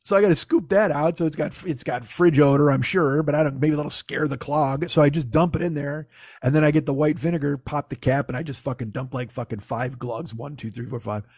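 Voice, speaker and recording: A man with a husky, somewhat high voice tells a long, profane story in a casual, self-mocking way. He keeps rambling and going off on tangents. The sound is dry and close. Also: steady tone, brisk, a little mellow, no room sound.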